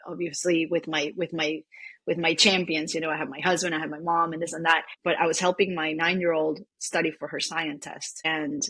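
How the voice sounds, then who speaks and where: Husky lowish woman from venezuela, rambly heartfelt story, dry close sound. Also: level tone, a little fast, dry recording. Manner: warm, rambling, many "you know" fillers. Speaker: optometrist and practice owner, guest. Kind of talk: emotional personal storytelling in an interview.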